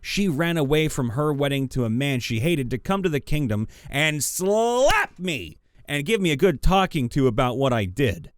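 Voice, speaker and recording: A man narrating viewer-submitted tabletop game stories with animated, playful asides. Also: fairly high pitch, moderate pace, hardly any pauses, no room sound, studio quality. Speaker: story channel narrator. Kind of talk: reading viewer stories aloud.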